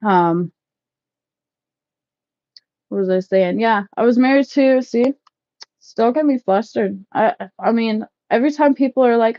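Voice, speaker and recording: A woman in her thirties chatting casually with live viewers while packing up, loud and laughing, swearing freely. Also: fairly high pitch, a little slow, long pauses, no echo, lo-fi sound. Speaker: livestream vlogger. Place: shed, packing up.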